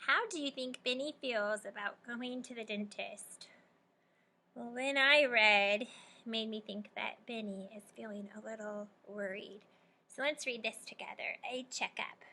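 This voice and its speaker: A young woman teacher guides young children through a storybook, pausing often to ask questions and praise answers. Her voice is bright and a little high, and she speaks slowly and carefully. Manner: encouraging, prompting and praising students.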